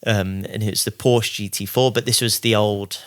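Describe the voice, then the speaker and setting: A man, a racing driver guest on a podcast, telling casual stories in a lively way, often acting out what other people said. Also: on the low side, normal speed. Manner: lively, quotes others mid-story. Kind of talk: casual anecdotal storytelling.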